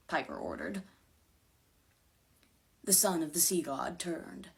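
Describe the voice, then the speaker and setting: A woman reading a fantasy novel aloud in an expressive, dramatic way. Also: low voice, slow pace, creaky, pauses often. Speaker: reader.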